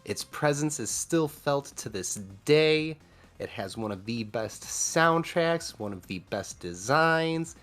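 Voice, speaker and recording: A man hosting a livestream countdown, announcing in a drawn-out, emphatic way. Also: lowish voice, fairly bright tone. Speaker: stream host.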